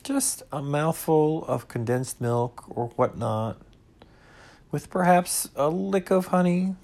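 A man voicing a simple, gentle teddy bear of little brain in a storybook reading, slow and wistful. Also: medium pitch, big pitch swings, heavily acted. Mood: dreamy.

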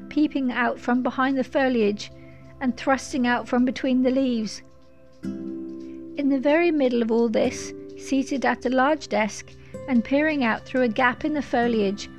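Woman reading a storybook aloud. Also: high-pitched. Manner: measured, descriptive. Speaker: narrator. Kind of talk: scripted storybook narration.

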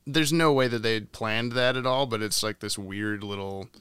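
Young male co-host, clear, bright voice, loose and jokey. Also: lowish voice, normal speed, no room sound, studio quality. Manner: laughs often, tries funny voices. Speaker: podcast co-host. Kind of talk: casual chat.

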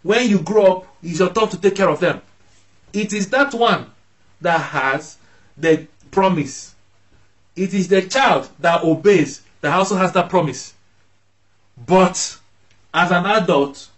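A man's voice: a little high, poor audio. A man preaching a sermon as pastor, emphatic, his voice rising sharply when he acts out scolding parents.

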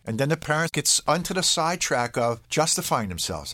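A parenting expert in an interview talks conversationally in a fairly high, sing-song voice that's a little fast, pushed and bright. He keeps checking in with "all right?" and briefly acts out lines from kids and parents as he explains.

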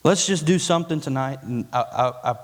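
A medium-pitched male pastor speaks a little fast in a large hall, delivering a sermon in the church sanctuary. He stays folksy and conversational, rising now and then to emphatic high points.

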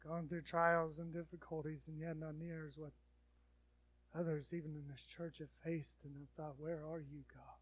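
Fervent preacher man, loud then hushed. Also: fairly high pitch, flat delivery, normal speed, no echo. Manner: swings from loud urgent preaching to hushed pleading. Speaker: pastor. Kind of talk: sermon and closing prayer.

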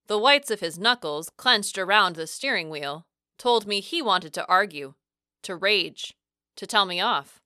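A young adult woman reading a first-person audiobook, expressive, with lively shifts in pitch and loudness. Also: a little slow, no echo, clean studio sound. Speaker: audiobook narrator.

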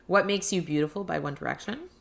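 Fast and expressive, with a fairly low, creaky voice, a podcast co-host reads quiz options aloud one after another. She keeps the chat casual throughout.

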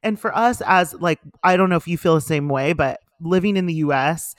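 A woman co-hosting a podcast in casual chat, excitable and quick to swear and laugh. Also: lowish voice, dry recording, studio quality. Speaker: podcast co-host.

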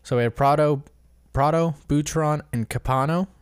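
A man's voice: a little high, moderate pace, clean tone, no echo, clean studio sound. A man hosting a casual solo commentary episode, rambling and correcting himself as he stumbles over names. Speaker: podcast host.

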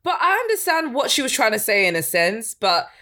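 A woman's voice: fairly high pitch, very animated, brisk, sharp tone. A young woman hosting a podcast, chatting and gossiping with a friend, giggling often. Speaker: podcast host. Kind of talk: casual chat.

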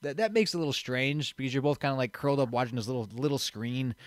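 A man's voice: medium pitch, quick pace, no room sound. A young man casually telling a long story, rambling with fillers and restarts and acting out what people said. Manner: rambling, many fillers and restarts, acts out quotes. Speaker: storyteller guest.

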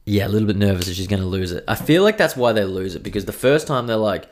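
A man's voice: fairly low pitch, lively intonation, fast, hardly any pauses. A young man hosting a casual solo podcast, joking and swearing freely as he chats. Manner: swears freely, jokey and self-mocking. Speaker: podcast host.

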